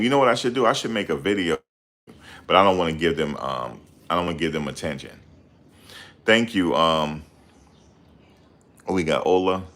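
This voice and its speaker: A low-voiced man hosts a casual livestream, reading viewer comments aloud. He rants heatedly, with loud outbursts and phrases he keeps repeating.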